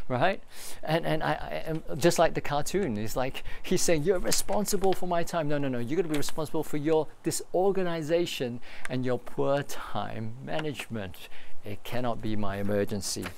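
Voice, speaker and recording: A man's voice: fairly high pitch, moderate pace, vocal fry, few pauses, a little mellow, slight background noise. A man in his thirties, a pastor preaching a sermon in an earnest, confessional way with rhetorical questions.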